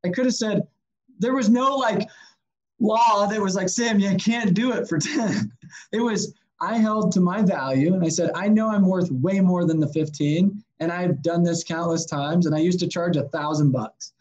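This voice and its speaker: Man, podcast guest, lively storyteller, acts out quotes, casual swearing. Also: high voice, normal speed, muffled recording. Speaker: podcast guest, sales consultant.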